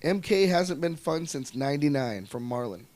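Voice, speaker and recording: A man's voice: on the high side, expressive, normal speed, darkish tone, no room sound. A man working as a podcast producer, chiming in with short hype remarks and reading out chat comments.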